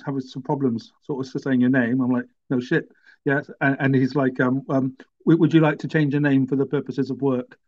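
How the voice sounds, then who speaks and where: A man's voice: mid-range voice, darkish tone. A middle-aged man with a stutter tells his story in a wry, self-deprecating way. His sound is a little dull and lo-fi. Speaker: guest. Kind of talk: conversational storytelling.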